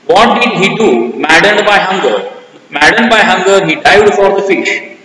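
A high-pitched man with an Indian English accent reads his lesson in a bright, sharp voice. He works through the questions and word meanings one by one in an even, methodical classroom way. He sits far from the mic in a very echoey hall. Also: measured pace. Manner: methodical, plain classroom reading. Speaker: school English teacher.

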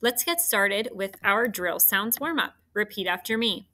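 A woman teacher giving a recorded phonics lesson to third graders, speaking clearly and encouragingly. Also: medium pitch, animated, a little slow, few pauses, sharp tone.

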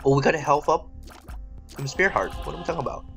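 A woman with a lowish voice rambles through let's play commentary, poking fun at herself as she plays. Her pitch swings widely, and she yells and laughs whenever a fight gets tense. Faint music sits under her voice. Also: animated, fast, vocal fry. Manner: self-mocking. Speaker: gaming channel host.

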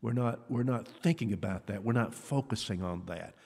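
A man's voice: fairly low pitch, moderate pace, creaky, a little mellow, slightly rough. A man preaching a sermon in an earnest, conversational way, asking his listeners questions. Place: church auditorium. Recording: long reverb of a church hall.

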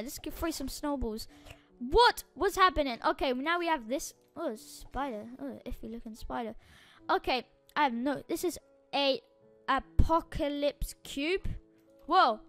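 A woman hosting a gaming channel, giving excitable Minecraft gameplay commentary full of exclamations and urging. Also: sits high, no room sound.

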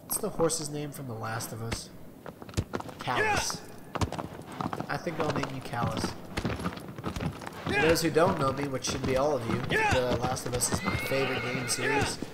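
A man giving casual gameplay commentary, rambling and swearing, with loud mock-taunting outbursts. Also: medium pitch, moderate pace, heavy background noise. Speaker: gamer. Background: loud game music and horse sounds.

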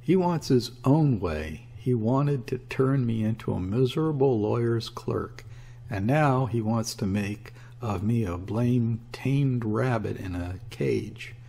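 Here is a man doing a boisterous young sailor from an audiobook, a swaggering, loud-talking fellow. His voice is low and gravelly with a husky edge, and he turns scornful and loud when he is crossed. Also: a little slow, exaggerated voice. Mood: raging. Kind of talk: audiobook character reading.

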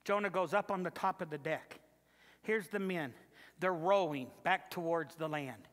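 A man's voice: sits high, normal speed, a bit bright. Male pastor, emphatic storytelling sermon, echoey church sanctuary.

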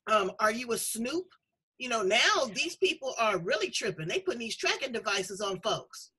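A woman's voice: on the high side, sing-song, moderate pace, bright, forceful tone, breathy edge, rough recording. A middle-aged woman hosting a talk show, chatting in a candid, folksy, emphatic way. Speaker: show host. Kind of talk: casual talk-show conversation.

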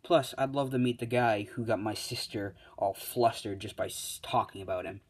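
A man's voice: fairly low pitch, normal speed. A young man casually telling his own fan story at home late at night, rambling with lots of fillers and humming placeholder sounds, recorded on a handheld device. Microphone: tablet or other handheld device.

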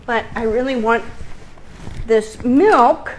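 A middle-aged woman hosting a home cooking video from her kitchen, chatty and excitable with frequent ums and giggles. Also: a little high, takes it slowly, slight background noise. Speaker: home cooking show host. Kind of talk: casual cooking chat.

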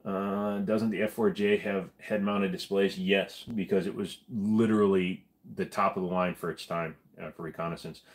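A man hosting a live stream, answering viewer questions in a blunt, profane, casual way. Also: low voice.

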